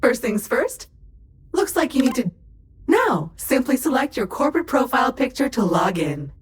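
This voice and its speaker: A woman voicing an upbeat female corporate AI system in a video game, with perky sales-pitch cheer. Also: big pitch swings, moderate pace. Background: game music.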